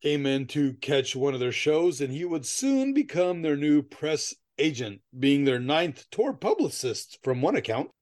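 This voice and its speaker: A man's voice: a little high, big pitch swings, measured pace, hardly any pauses, darkish tone. A man co-hosting a podcast in casual chat, telling stories in a rambling way, laughing often and swearing casually. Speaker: podcast co-host.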